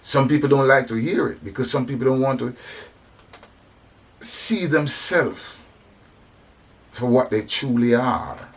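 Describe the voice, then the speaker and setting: A man's voice: mid-range voice, a little slow, long pauses, breathy edge. A man delivering an impassioned preaching monologue about compassion, with emphatic repetitions and restarts. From African descent. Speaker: speaker on religion and society.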